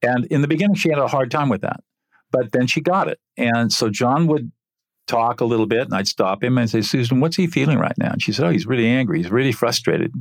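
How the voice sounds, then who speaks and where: An older man, an interview guest, telling a story from his work in an earnest, animated way. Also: medium pitch, fairly quick, creaky, dry recording, studio quality.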